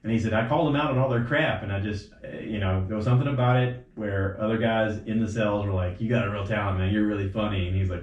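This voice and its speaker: A man's voice: on the low side, quick pace, hardly any pauses. A man hosting a casual podcast, rambling through stories and acting out quotes with sudden jumps in his voice. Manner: rambling storyteller, quotes others with animated voice jumps. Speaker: podcast host. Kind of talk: casual chat. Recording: roomy, slightly dull home recording.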